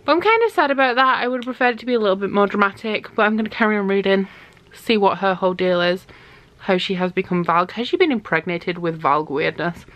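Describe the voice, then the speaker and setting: A woman's voice: mid-range voice, animated, fast talker, a bit bright. A young woman chatting casually in a book diary, gushing about what she reads and saying "like" a lot. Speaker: book vlogger.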